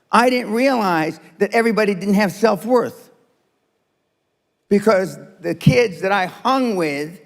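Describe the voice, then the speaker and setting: A man's voice: sits high, vocal fry. A man in his seventies giving a blunt, profane motivational speech to a live seminar audience. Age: 70s. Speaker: motivational speaker. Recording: long hall reverb.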